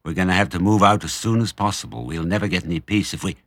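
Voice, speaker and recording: A man's voice: sits low, quick pace, dry recording. A man reading a storybook aloud, voicing a clever, brave father fox who speaks earnestly. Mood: grim.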